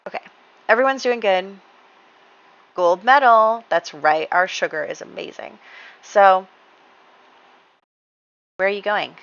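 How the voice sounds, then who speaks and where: A woman's voice: medium pitch, slow pace, pauses often, a bit bright, dull audio. A woman giving casual, rambling gameplay commentary, chatty, with lots of ums and light laughs. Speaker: gaming channel host.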